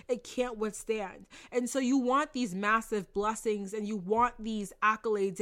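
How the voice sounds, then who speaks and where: A young woman giving an earnest, animated motivational talk, casual and repeating phrases for emphasis, swearing now and then. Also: medium pitch. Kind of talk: motivational monologue.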